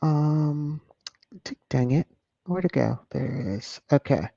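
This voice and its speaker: A woman's voice: low-pitched, slow, gravelly, mellow, no echo. A woman hosting a live stream in casual chat, thanking viewers by name. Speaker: YouTube live stream host. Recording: dull lo-fi dry sound.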